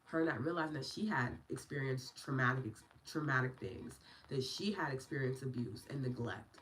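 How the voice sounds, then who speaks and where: Speaking at a moderate pace, this thirty-something woman has a low, rumbling voice that's a bit bright. She runs a meditation and EFT livestream, affirming viewers and replying to their comments by name in relaxed chat, over a rough recording with slight background noise.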